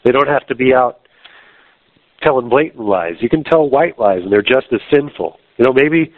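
A man gives a sermon in an earnest, conversational way and often restarts his sentences. His pitch sits in the middle. The recording is dry and thin, like a phone line. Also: expressive, normal speed, dry recording. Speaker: preacher. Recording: dry, tinny phone-like sound.

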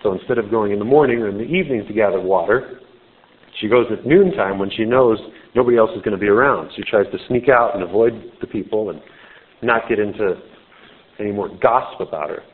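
A man's voice: on the low side, a little fast. A man preaching a conversational sermon, explaining a scripture story informally with casual asides. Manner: informal, explanatory, with "you know" fillers. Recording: tinny phone-like sound.

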